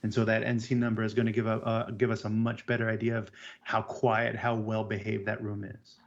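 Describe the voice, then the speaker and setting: A man co-hosting a casual technical chat about audio measurement, halting and restarting words as he explains. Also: fairly low pitch, monotone. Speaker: AV technician co-host. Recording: dull lo-fi sound.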